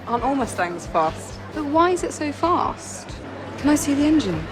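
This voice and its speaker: A woman's voice: high voice, very animated, moderate pace. An actress playing a young English woman car enthusiast in a video game, asking naive-sounding questions. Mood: playful. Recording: game audio over loud music.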